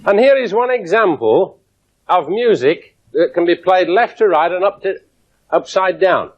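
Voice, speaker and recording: Wry English lecturer, dull 1970s tape. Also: male voice, high-pitched, a little slow. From England. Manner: lively, wry demonstrating with audience. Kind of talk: public science lecture. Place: lecture theatre with audience. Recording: dull 1970s broadcast recording.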